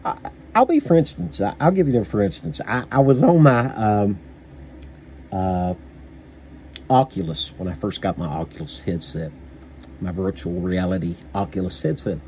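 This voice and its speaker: A man's voice: sits low, lively intonation, moderate pace, darkish tone, a little hiss or hum. A man from Kentucky with a Kentucky accent, casually reviewing a book, rambling with many fillers and restarts.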